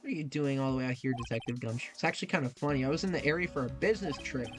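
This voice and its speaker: A man's voice: medium pitch, rapid-fire, lightly acted. A man reading a blunt police detective. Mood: gruff. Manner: blunt, slangy, calls people pal. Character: gruff friendly male police detective. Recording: game music behind voice.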